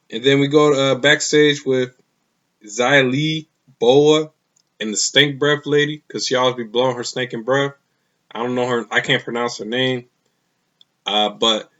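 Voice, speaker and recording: A man's voice: medium pitch, fairly bright tone, highs cut off. A man casually reviewing a wrestling show, rambling and opinionated, with many fillers.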